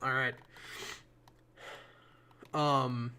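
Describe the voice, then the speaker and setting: Bright-voiced casual male streamer. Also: medium pitch, level tone, drawn-out words, smooth. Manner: rambling, casual swearing, chats to viewers. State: yawning a lot. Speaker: live streamer. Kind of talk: casual live-stream commentary while building.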